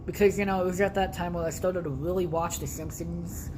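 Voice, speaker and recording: A man's voice: sits high, steady tone, a little fast, hardly any pauses, noisy background. A young man hosting a podcast from his home basement, telling rambling stories casually with blunt, heavy swearing. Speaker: podcast host. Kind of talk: casual storytelling monologue.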